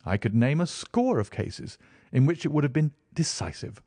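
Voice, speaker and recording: A man voicing an eager, brilliant young male detective, talking quickly and enthusiastically in a raised voice. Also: a little high, animated, warm tone, no echo, studio quality, voice pushed up. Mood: enthusiastic.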